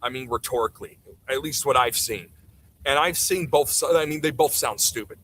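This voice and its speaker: A man's voice: medium pitch, normal speed, fairly bright tone, rough recording. Blunt, sarcastic streamer guy. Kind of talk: casual livestream commentary.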